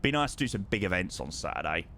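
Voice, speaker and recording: A man streaming live over a flight simulator, effusive and excitable, thanking his chat again and again. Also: low voice, fast. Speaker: livestreamer.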